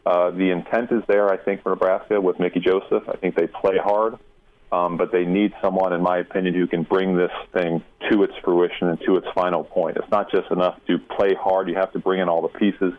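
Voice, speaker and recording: Deep-voiced man on a phone line. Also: little pitch movement. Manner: measured, emphatic analysis. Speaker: guest college football insider. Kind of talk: radio interview answers.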